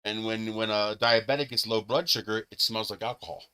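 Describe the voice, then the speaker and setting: A man's voice: fairly low pitch, fairly even intonation, brisk, sharp tone, clean tone. A man hosting a live stream, telling stories in casual chat, laughing often and swearing freely. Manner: laughs often, profane, gleeful storyteller.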